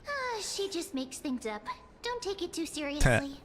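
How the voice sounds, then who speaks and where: A woman's voice: very high voice, normal speed, faint music behind. A bubbly, teasing young girl. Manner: lively, teasing. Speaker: game character. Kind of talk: game voice acting.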